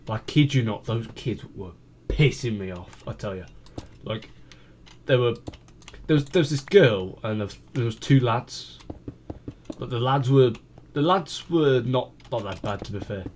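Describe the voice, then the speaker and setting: A man's voice: mid-range voice, animated, a little slow, pauses often, darkish tone, a little hiss or hum. A British man casually telling a rambling story, full of fillers and restarts. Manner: rambling, full of fillers and repeated "I kid you not". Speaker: gaming vlogger.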